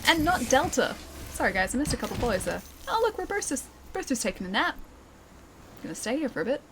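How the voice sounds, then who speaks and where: A woman's voice: fairly high pitch, very animated, quick pace, noisy background. A young woman streaming a game, chatting casually with viewers, laughing often and reading comments aloud. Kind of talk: casual live-stream chat. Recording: game music playing underneath. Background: game music.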